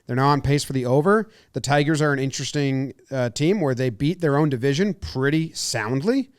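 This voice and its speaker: A man co-hosting a casual sports podcast, quick and joking. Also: medium pitch, no echo, clean studio sound. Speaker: podcast co-host.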